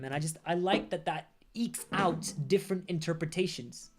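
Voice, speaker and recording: A man's voice: on the high side, normal speed, slight background noise. A young man, a rock band's lead singer, casually chatting on a livestream, reflective and a little rambling as he talks through his lyrics and reads comments. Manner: reflective, rambling, with bursts of sung lines.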